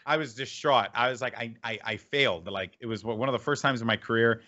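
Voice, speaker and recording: A man talking fast and loose as an interview guest, restarting sentences and piling on "like" as he tells a story. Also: mid-range voice, dull audio. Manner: animated, many restarts and "like". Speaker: esports caster guest. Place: home room with a clanking heater.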